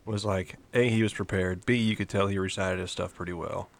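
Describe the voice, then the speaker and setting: A man's voice: deep voice, steady tone, brisk, gravelly. A man talking casually on a podcast, rambling and cursing, often restarting his sentences. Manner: rambling, profane, restarts mid-thought. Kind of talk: casual chat.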